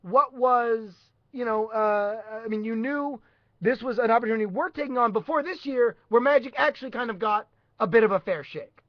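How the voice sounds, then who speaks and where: A male host with a high voice talks in a rambling way, circling back and restarting his questions. The sound is dry and dull, like a lo-fi stream. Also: moderate pace, no room sound. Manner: rambling, hesitant, many restarts. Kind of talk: casual live-stream chat.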